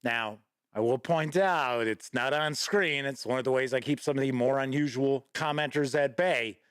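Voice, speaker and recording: A man's voice: mid-range voice, normal speed, a bit bright, clear, resonant tone, no room sound, clean studio sound. A man hosting a live-streamed gaming news show, chatty and folksy, greeting viewers by name and reading out news. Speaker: host.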